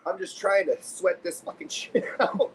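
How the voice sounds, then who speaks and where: A man's voice: high voice, fairly even intonation, moderate pace, a crowd in the background. A man guesting on a casual chat show, swearing freely, laughing and coughing between lines.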